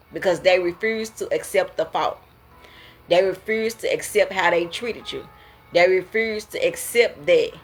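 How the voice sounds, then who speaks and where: A woman hosts a casual, preachy talk about emotions, laughing as she goes. Her voice sits a bit low and sounds husky. Faint music plays behind her. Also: a bit bright. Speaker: host.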